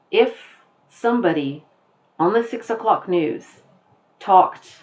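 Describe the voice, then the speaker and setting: A woman teacher talks her class through a poem at an unhurried pace, restating points and spelling words out. Her voice sits a little low. The recording sounds slightly dull and muffled. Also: slight background noise. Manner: slow, explanatory, repeats and rephrases.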